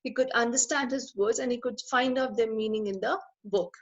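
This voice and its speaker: A woman's voice: fairly high pitch, a little fast, muffled recording. A woman teacher explains a text line by line, repeating and rephrasing each point as she goes.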